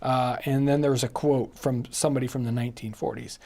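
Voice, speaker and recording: A man's voice: medium pitch, steady tone, brisk, vocal fry, dark tone. Guy hosting a live chat stream, rambly, lots of restarts and little laughs.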